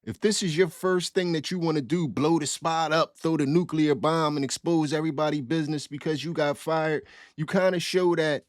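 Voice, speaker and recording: A man with a slightly high voice hosts casual reaction commentary, blunt and relaxed. He talks in loose, informal slang. The recording is dry, with no room sound. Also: moderate pace, no echo. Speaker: commentary channel host.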